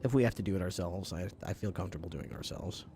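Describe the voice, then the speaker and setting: A man's voice: low-pitched, rapid-fire, mellow, a little hiss or hum. A man role-playing as a police sergeant in an online game, talking in a playful, hammy way and laughing often. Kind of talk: casual role-play chat.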